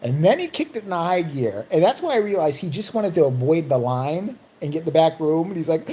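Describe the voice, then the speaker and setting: A woman vlogger telling a story in a casual, profane, animated way, jumping into other people's voices. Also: fairly low pitch, moderate pace, few pauses.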